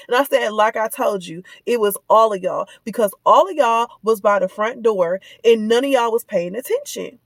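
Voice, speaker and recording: A woman's voice: fairly high pitch, lively intonation, normal speed, few pauses, no echo. Indignant woman ranting about her day. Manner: indignant, heated, repeats herself while retelling. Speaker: parent telling a personal story. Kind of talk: casual ranting vlog.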